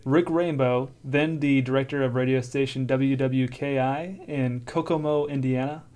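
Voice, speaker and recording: A man co-hosting a casual podcast speaks at a moderate pace in a medium-pitched, darkish voice with fairly even intonation. Between jokes with his co-host he reads source notes aloud, laughing often.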